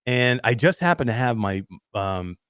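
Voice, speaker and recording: A man's voice: medium pitch, expressive, moderate pace, fairly bright tone, smooth, no room sound, studio quality. A man co-hosting a casual talk show, telling stories in a rambling way with lots of fillers and laughing at himself. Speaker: podcast co-host. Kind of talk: casual chat.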